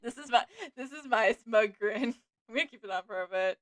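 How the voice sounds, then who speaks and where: Bubbly streamer girl reacting, bright high voice, little music in back. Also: fairly quick. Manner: giggly, excitable. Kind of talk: live game playthrough commentary.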